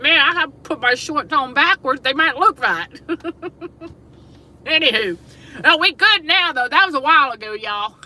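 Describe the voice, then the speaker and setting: A woman's voice: high voice, sharp tone, poor audio. A woman hosting a casual spiritual talk livestream, emphatic and repetitive, who laughs often. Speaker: show host. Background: air conditioner hum.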